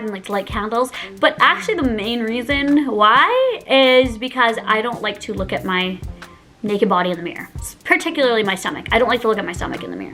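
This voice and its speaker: A woman's voice: on the high side, sharp tone. A young woman YouTuber telling candid stories in a chatty, giggly vlog, filling her talk with "like". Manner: giggly, heavy use of "like", chatty. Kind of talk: confessional storytime vlog.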